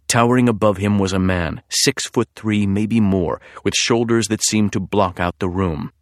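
A man with a lowish voice reads a thriller audiobook, measured and suspenseful. The recording is close and dry, with no room sound. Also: fairly even intonation, no room sound. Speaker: narrator.

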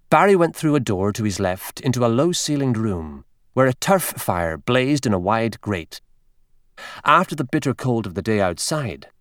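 The narration comes from a man whose voice sits at medium pitch, reading an audiobook with measured expression. There's no echo, just clean studio sound.

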